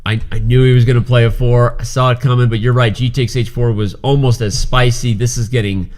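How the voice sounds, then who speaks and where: A man's voice: mid-range voice, steady tone, brisk, a little mellow. A man commentating a live chess broadcast, joking and bantering with his co-host.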